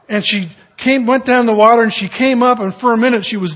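A middle-aged man preaching a sermon in a conversational way, telling stories and dropping into hushed asides. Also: sits high, a little fast, few pauses. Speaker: pastor.

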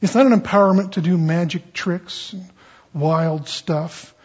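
Guy preaching a sermon, kinda high husky voice, emphatic and chatty, muffled lo-fi audio. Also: measured pace, darkish tone. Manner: emphatic, conversational teaching with rising bursts. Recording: dull, lo-fi sound.

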